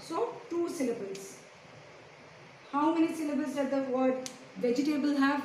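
A woman teacher giving a slow, deliberate lesson to young pupils, asking them many questions. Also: high voice. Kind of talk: recorded classroom lesson. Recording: echoey room, distant mic, faint hiss.

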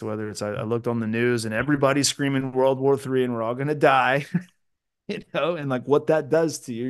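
A man coaching in a casual podcast conversation, reflective and quick to laugh, with many restarts. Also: medium pitch. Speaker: self-mastery coach, guest.

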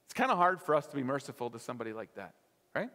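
A male pastor preaching a sermon in a church, casual and conversational, dropping softer on key lines. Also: medium pitch, very animated, very fast, big-room sound. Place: church sanctuary.

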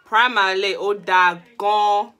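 A woman's voice: medium pitch, fairly even intonation, slow pace, pushed and bright, lo-fi sound. A young woman, laughing often as she talks through a makeup tutorial in a casual vlog. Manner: giggly, mixes Yoruba and English. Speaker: vlogger.

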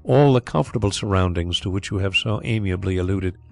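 A man voicing a suave, genial blind gentleman detective, speaking calmly and thoughtfully. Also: low-pitched, a little fast, soft background music. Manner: calm, thoughtful, smoothly assured.

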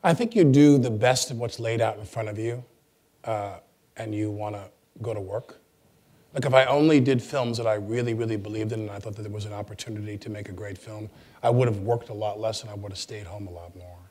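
A man, a guest actor, chatting with an audience in a lecture forum, telling animated stories and often restarting his sentences. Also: fairly low pitch, a little fast. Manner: animated storyteller with stammered restarts. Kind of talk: anecdotal chat with an audience.

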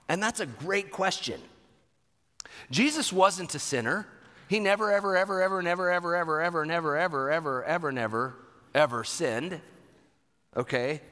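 A middle-aged man preaching a sermon as pastor, animated and repeating words for emphasis. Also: fairly high pitch. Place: church sanctuary. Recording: long hall reverb.

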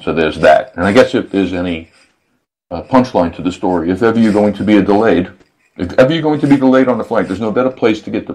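A man's voice: lowish voice, darkish tone, poor audio. A male radio host telling a rambling story in a casual, self-amused way, chuckling often.

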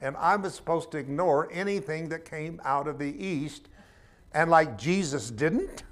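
A man's voice: on the high side, measured pace, a little hiss or hum. Emphatic man teaching a spiritual class. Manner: conversational and emphatic, with humorous asides. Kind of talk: informal sermon to a class.

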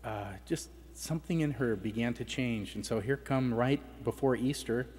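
A man's voice: mid-range voice, normal speed, darkish tone, slightly rough. A middle-aged man giving a personal testimony at a conference, telling a family story in a conversational way. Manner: conversational, acts out family dialogue. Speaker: conference speaker. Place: conference hall. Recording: reverberant hall with faint background noise.

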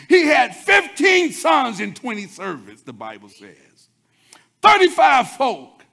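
High-voiced, gravelly man. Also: big pitch swings. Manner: preaching, swinging from loud chanted shouts to low quick murmurs. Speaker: pastor. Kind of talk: sermon.

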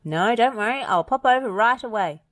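A woman voicing a cheerful, helpful male builder in a bright, friendly tone. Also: a little high, lively intonation, normal speed, dry recording, studio quality, pitched above the performer's own voice, close to an everyday voice.

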